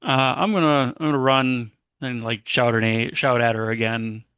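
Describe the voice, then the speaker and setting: A man's voice: mid-range voice, fairly even intonation, moderate pace, a bit bright, clean tone, no echo, clean studio sound. A man playing a tabletop game, rambling and joking as he plans his character's moves. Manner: rambling, self-correcting, joking. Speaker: player. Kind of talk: tabletop role-play chat.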